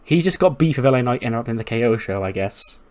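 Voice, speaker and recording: A man's voice: mid-range voice, expressive, fast, a little mellow. Casual, swearing man narrating a game. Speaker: gaming YouTuber. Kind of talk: casual let's-play narration.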